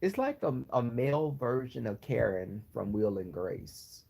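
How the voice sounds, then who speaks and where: A man's voice: mid-range voice, big pitch swings, unhurried, gravelly, mellow, husky. A man on his channel chatting casually with viewers, gossipy and frank with his opinions. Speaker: YouTuber answering viewers. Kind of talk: casual live-stream chat.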